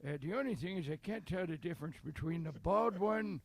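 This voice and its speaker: Guy doing a cranky old man voice, gravelly, kinda high, rambles on and on. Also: lively intonation, a little fast, heavy background noise. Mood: cranky rambling. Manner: rambling, stammering, cranky jokes.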